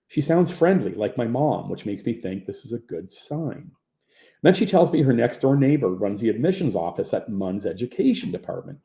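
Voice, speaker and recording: A man from Ontario reading his memoir aloud in an animated storytelling manner. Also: on the low side, moderate pace, creaky. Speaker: narrator.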